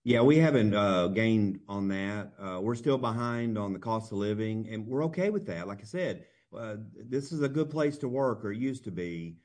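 A man, a union representative speaking as an interview guest, earnest and plain-spoken, with halting restarts. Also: lowish voice, animated, darkish tone.

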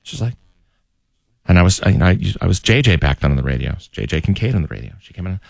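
A man's voice: low voice, racing, creaky, no echo, clean studio sound. A man hosting a radio show, chatting casually and telling stories with voices. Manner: animated storyteller, does voices. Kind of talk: casual on-air chat.

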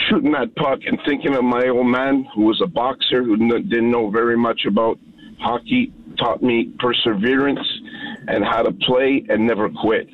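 A man's voice: mid-range voice, slightly rough, dry recording. A man in his fifties calling in to a radio show, telling a heartfelt story with animation. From Canada. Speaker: caller. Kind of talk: phone-in storytelling. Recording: tinny phone line.

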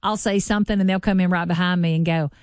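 A woman from rural Alabama with a strong Southern twang, co-hosting a radio show in an expressive, easy-laughing way. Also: lowish voice, quick pace, smooth, no echo, clean studio sound. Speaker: radio co-host. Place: radio studio.

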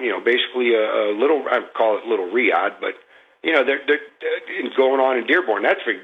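Phoning a talk show from Florida, this male caller vents about politics, rambling and frustrated, constantly restarting and using fillers. He has a medium-pitched, sharp, slightly rough voice on a lo-fi recording.

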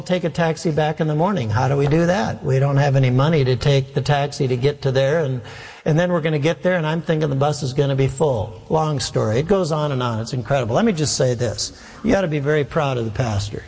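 Animated preacher telling a story. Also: male voice, a little high, quick pace. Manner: humorous, animated anecdote with acted-out dialogue. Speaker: pastor. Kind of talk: sermon storytelling. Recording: long reverb of a large hall.

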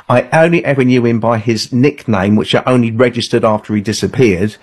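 A man's voice: medium pitch, brisk, few pauses, husky. A man, an author guesting on a call-in radio show, telling stories in an earnest, anecdotal way.

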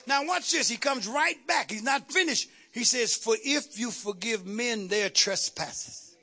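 Woman preacher, gravelly and forceful, loud call and response, repeats stuff for punch. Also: a little high, lively intonation, moderate pace, hardly any pauses. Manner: emphatic, call-and-response preaching that rises to shouts; repetitive, punchy delivery with playful asides. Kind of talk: sermon.

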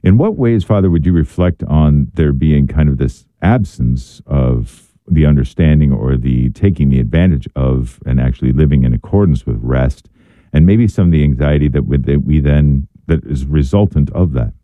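A man hosting a faith radio call-in show, asking long, measured questions with fillers. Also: very deep voice, no echo, phone-quality sound. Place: radio studio.

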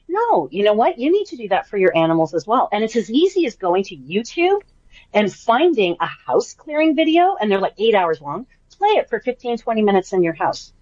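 A woman's voice: mid-range voice, big pitch swings, normal speed, no room sound, highs cut off. A woman who works as an animal communicator, talking chattily and enthusiastically as a guest in a radio interview. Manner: warm, chatty, enthusiastic, many fillers.

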